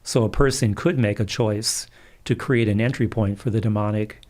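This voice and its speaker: A middle-aged man, a Catholic priest, calmly telling stories in an interview. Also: fairly low pitch, normal speed. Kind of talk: storytelling in a livestream interview.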